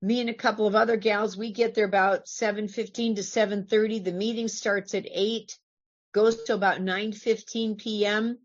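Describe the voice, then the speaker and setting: A woman's voice: mid-range voice, flat delivery, moderate pace, highs cut off. A woman from California giving an earnest, conversational talk to a recovery meeting, asking her listeners questions as she goes.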